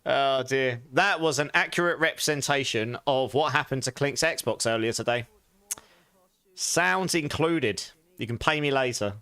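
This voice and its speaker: A man's voice: mid-range voice, unhurried, bright, forceful tone, clean tone, no room sound. Male game streamer, loose chat with frequent laughs, dry close-up sound. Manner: chatty, greets viewers, laughs often. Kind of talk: casual live stream chat while gaming.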